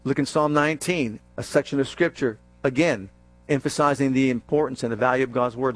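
A man preaching a sermon, reading scripture aloud and calling out questions to the congregation, stressing key words and dropping low for emphasis. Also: expressive, fairly quick, no echo. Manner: calls out questions to the congregation and answers them.

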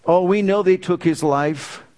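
A man's voice: sits high, a little slow, a little mellow. A man preaching a sermon as pastor, stressing key words and calling out to the congregation.

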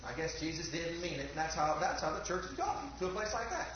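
A man's voice: a little high, very animated, quick pace, slight background noise. A man preaching a fervent sermon, firing rhetorical questions at the congregation and calling for amens. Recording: echoey, dull lo-fi church recording.

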